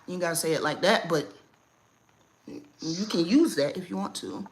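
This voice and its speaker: Blunt, animated woman livestream host. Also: lowish voice, normal speed, long pauses, a little hiss or hum. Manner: blunt, animated, laughs often. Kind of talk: casual livestream chat.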